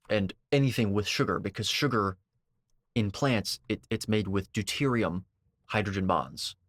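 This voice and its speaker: A man commenting on a video, lecturing and sarcastic, with sudden high-pitched outbursts. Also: fairly bright tone, no room sound, studio quality.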